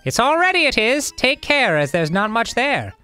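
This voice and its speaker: A man's voice: very high voice, sing-song, moderate pace, sharp tone, clean tone, pitched above the performer's own voice, full character voice. Guy doing a fussy old shop guy voice, twangy, a bit of music behind.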